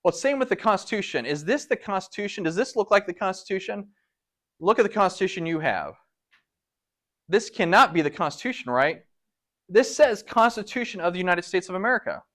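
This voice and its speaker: Man, slightly high voice, animated lecturer who keeps asking the room questions. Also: fairly quick. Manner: animated, asks the audience many rhetorical questions. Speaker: speaker at a public talk. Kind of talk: lecture to a live audience.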